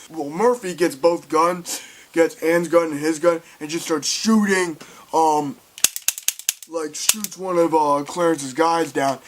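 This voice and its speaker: A man giving a casual, excitable film review, rambling and swearing as he retells scenes. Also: sits high, slight background noise.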